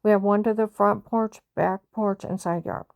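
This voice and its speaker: A woman's voice: medium pitch, steady tone, moderate pace, gravelly, a little mellow, no echo. A woman telling a personal story in a rambling, agitated monologue, often reenacting conversations and repeating herself. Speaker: vlogger recounting a personal story.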